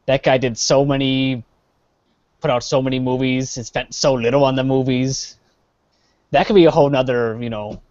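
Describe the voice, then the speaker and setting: A man's voice: mid-range voice, darkish tone, no room sound. A man co-hosting a casual live-streamed chat, rambling with lots of fillers. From Chicago area. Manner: rambling, trails off with many uh fillers. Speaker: podcast co-host. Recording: dull lo-fi live stream audio.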